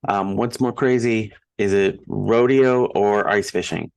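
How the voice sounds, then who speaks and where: A man's voice: on the low side, measured pace, creaky, a little mellow, clean tone. A man with a Minnesotan accent hosting an interview, asking playful questions in a casual way. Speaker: podcast host.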